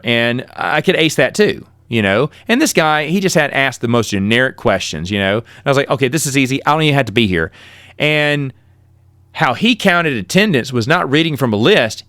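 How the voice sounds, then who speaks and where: A man's voice: medium pitch, no echo, clean studio sound. A middle-aged man telling his own college stories in a casual, rambling way, often correcting himself mid-sentence. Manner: rambling, animated, with self-corrections. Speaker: podcast host. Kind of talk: casual storytelling monologue.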